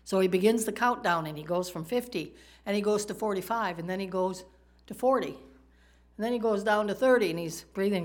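A woman's voice: mid-range voice, brisk. A woman preacher giving a sermon, explaining Hebrew words and telling jokes along the way.

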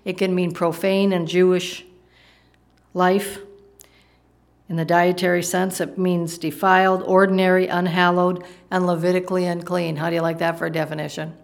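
A woman's voice: fairly low pitch, little pitch movement, moderate pace, vocal fry. A woman preacher giving a sermon, emphatic, asking the congregation rhetorical questions and explaining the meanings of Greek words.

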